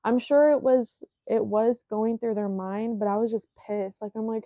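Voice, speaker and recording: A young woman telling viewers a painful personal story, halting and full of fillers, often dropping almost to a whisper. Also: mid-range voice, steady tone, no room sound. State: shaken, emotional. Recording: dry, phone-like narrow sound.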